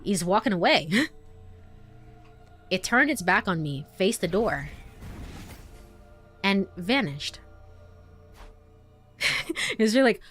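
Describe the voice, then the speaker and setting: A woman's voice: medium pitch, expressive, slow pace, long pauses, a bit bright, soft background music. A young woman streamer giving playful, giggly game commentary and swearing casually. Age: young adult.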